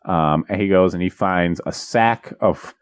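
A man casually retelling a fairy tale with jokes, rambling and slipping into quick character voices. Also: sits low, smooth, no room sound. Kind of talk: casual comedic chat.

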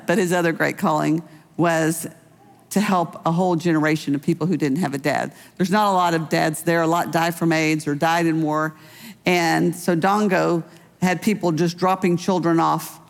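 Gravelly-voiced woman pastor in a reverberant hall. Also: lowish voice. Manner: personal storytelling with light laughs. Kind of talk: conversational sermon.

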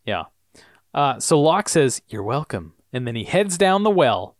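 A chatty man co-hosting a podcast who recaps a TV show with a very lively, swinging pitch. He laughs often and slips into character voices. The sound is close and dry. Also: unhurried, no echo. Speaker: podcast co-host. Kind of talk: casual TV recap chat.

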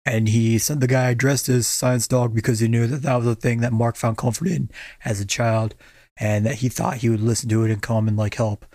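A man co-hosting a casual podcast chat, recapping a show with plenty of swearing and quick acted asides. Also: mid-range voice, no room sound, studio quality. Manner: profane, animated recapping with quick impressions. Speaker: podcast co-host.

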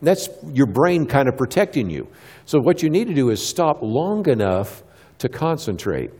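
Mellow-voiced middle-aged man giving a church talk. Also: mid-range voice, sing-song, long reverb tail. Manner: asks the audience questions and answers them himself; acts out quick little dialogues with kids. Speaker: Christian speaker. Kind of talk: church talk to a live audience.

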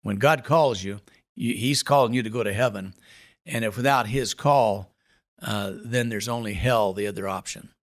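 A man's voice: on the low side, normal speed. A middle-aged male pastor telling a personal testimony in an earnest, dramatic storytelling manner.

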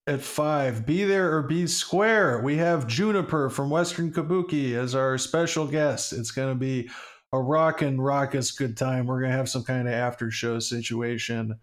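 A man's voice: mid-range voice, steady tone, normal speed. A man co-hosting a podcast, casually plugging a show and running announcements with jokes. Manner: jokey, hyping plugs and announcements. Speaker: podcast co-host.

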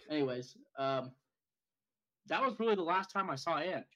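A man's voice: on the high side, lively intonation, a little slow, pauses often, very noisy. A young man co-hosting a podcast, telling a rambling story in casual chat and swearing freely. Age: young adult. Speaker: podcast co-host.

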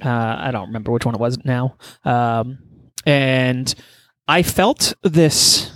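A man's voice: mid-range voice, takes it slowly, no room sound. A man co-hosting a podcast, telling a story in casual chat with profanity and comic exaggeration. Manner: animated, profane, exaggerating for laughs. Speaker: podcast co-host.

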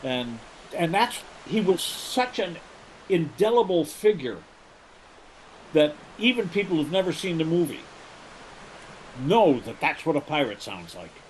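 Animated male storyteller, lively high voice. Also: a little slow, pauses often, slight background noise, low-quality recording. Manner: animated storyteller, laughs easily. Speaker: guest, pirate holiday co-founder. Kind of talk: casual interview chat.

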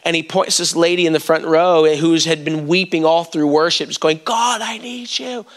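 A man's voice: fairly high pitch, flat delivery, fairly quick. A man preaching a sermon, telling stories and talking straight to the congregation. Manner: storytelling, addresses the congregation directly.

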